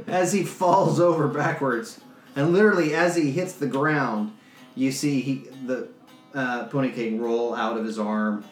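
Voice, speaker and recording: Game master man, relaxed storyteller, echoey room, soft music underneath. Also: medium pitch, a little slow. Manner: relaxed, laughs often, loose descriptive storytelling. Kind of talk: narrating a tabletop game. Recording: roomy echo, faint music behind.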